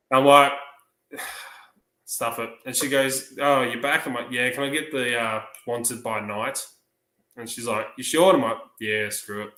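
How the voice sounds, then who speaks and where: Aussie bloke on a hangout stream, bright tone in a roomy space, spins long stories with quoted voices. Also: male voice, medium pitch. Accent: Australian. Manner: rambling storyteller, acts out quoted dialogue. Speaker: livestream panelist. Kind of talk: casual chat.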